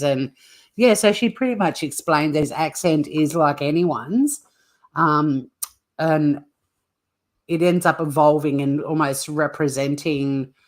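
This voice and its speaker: A woman hosting a livestream, rambling in casual chat with viewers and swearing freely. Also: low-pitched. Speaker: livestream host.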